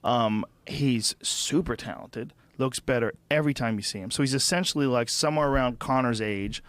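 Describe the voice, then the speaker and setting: A man hosting a podcast in casual chat, relaxed and chiming in with short remarks. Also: medium pitch, moderate pace, no room sound.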